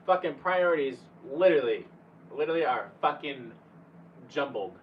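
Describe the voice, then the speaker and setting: A man's voice: mid-range voice, expressive, moderate pace. A man streaming live, chatting casually with viewers in a laid-back, profane way. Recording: distant, dull lo-fi mic with faint hum.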